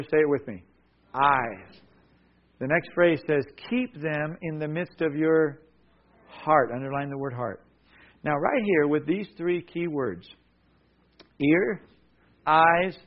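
A man preaching with a slightly high voice, pressing each key word again and again and calling on listeners to say it with him. The sound is dull and lo-fi, like an old radio broadcast. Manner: emphatic, repetitive, call-and-response. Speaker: pastor. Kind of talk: sermon.

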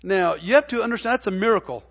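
Middle-aged pastor guy preaching in church, high gravelly voice, lots of stuttery restarts, kinda muffled lo-fi sound. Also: animated, fast talker, a bit bright. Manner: folksy storytelling, stammering restarts, builds to emphatic preaching. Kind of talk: sermon. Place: church sanctuary.

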